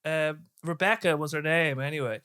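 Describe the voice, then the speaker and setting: A young Irish man hosting a casual podcast chat, loud and animated, laughing often. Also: on the high side, normal speed, clean tone. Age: young adult. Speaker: podcast host.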